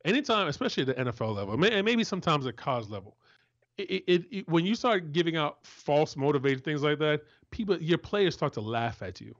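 A man speaking as a guest analyst on a podcast, animated and swearing, repeating words as he gets worked up. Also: on the high side, fast, no room sound, dull audio. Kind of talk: heated podcast chat.

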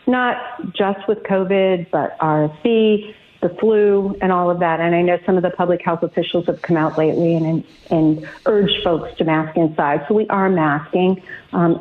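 A woman executive explaining her organization's policies in a steady, informative way on a radio interview. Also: lowish voice. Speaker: blood bank executive guest. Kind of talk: radio interview over the phone. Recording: tinny phone line.

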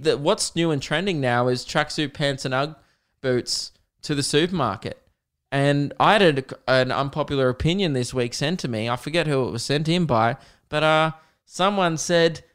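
A man's voice: medium pitch, a bit bright. A young Australian man hosting his own podcast, talking in a rambling casual monologue, laughing often and swearing freely. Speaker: podcast host.

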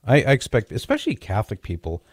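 A man hosting a call-in radio talk show, speaking in a measured, conversational way with occasional dry jokes. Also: mid-range voice, huge pitch swings, slightly rough, dry recording.

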